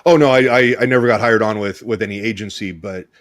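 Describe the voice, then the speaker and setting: A man co-hosting a show, telling a story in a casual, halting way with many restarts and "you know"s. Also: lowish voice, no echo. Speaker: co-host hypnotist.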